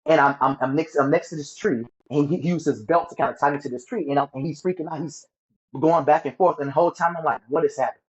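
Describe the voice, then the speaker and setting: A man's voice: a little high, fast talker, dull audio. A man telling a painful childhood story as an interview guest. He stumbles, repeats words and acts out the voices of people he quotes. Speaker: guest sharing his story. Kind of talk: emotional personal storytelling.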